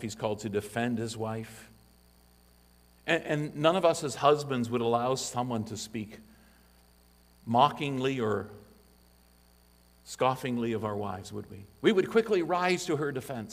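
A man's voice: on the low side, long reverb tail. A man preaching a sermon as pastor, building emphasis and asking the congregation rhetorical questions.

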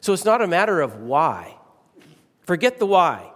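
A man's voice: high voice, big pitch swings, normal speed, fairly bright tone. A middle-aged man preaching a sermon to his congregation, emphatic and repeating key phrases as he shifts his pace and volume. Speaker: pastor. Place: church sanctuary. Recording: long reverb of a church hall.

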